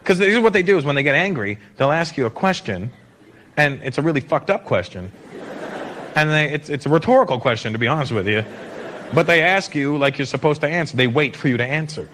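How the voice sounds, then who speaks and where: Animated stand-up comedian man. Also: a little high, brisk, slight background noise. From Canada. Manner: animated, playful crowd work.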